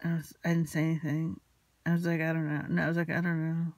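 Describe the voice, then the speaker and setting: A woman's voice: low-pitched, little pitch movement, fast talker, a little mellow, no room sound. A woman telling a personal story in an anxious, rambling, confessional way, still emotionally shaken. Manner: anxious, rambling, retelling a quarrel with quoted dialogue. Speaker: vlogger.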